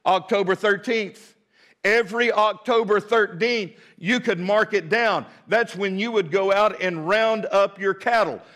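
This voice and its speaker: A man preaching a sermon as pastor, telling a folksy story and repeating key words for emphasis, slowing down on important lines and talking straight to his congregation. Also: high voice, a bit bright. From United States. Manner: folksy, talks to the congregation directly.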